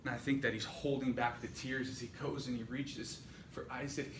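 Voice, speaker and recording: A man's voice: mid-range voice, little pitch movement, moderate pace. Man preaching in an echoey hall. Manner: dramatic storytelling, rising and falling intensity. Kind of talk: sermon. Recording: echoey room, distant mic, noisy.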